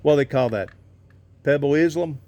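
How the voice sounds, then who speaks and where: A Southern man with a slightly high voice asks pointed questions outdoors by a road. He talks in folksy, plain grammar and keeps tagging his statements with "ain't they?" to push for agreement. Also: normal speed, mellow, dull audio. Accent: Southern American. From American South. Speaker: interviewer on a street corner. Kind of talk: casual street interview.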